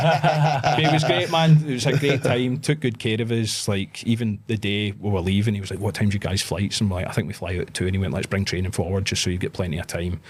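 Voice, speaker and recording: Scottish guy telling stories on a podcast, kinda low voice, does all the voices himself. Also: husky. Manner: animated anecdotes, acts out quoted voices. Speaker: podcast guest, pro wrestler. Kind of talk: casual storytelling interview.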